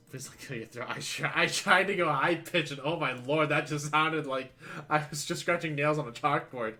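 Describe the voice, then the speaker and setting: A man's voice: a little high, expressive, a little fast, sharp tone, soft background music. A man streaming a game, chatting casually in a rambling, self-mocking way. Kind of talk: casual chat while playing.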